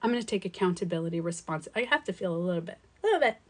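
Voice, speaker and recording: A middle-aged woman coach talks to her live-stream viewers in an unscripted monologue. Her voice swings widely in pitch as she acts out quotes, swears freely and laughs between thoughts. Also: very fast. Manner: animated storytelling with swearing and laughs. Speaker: life coach and author.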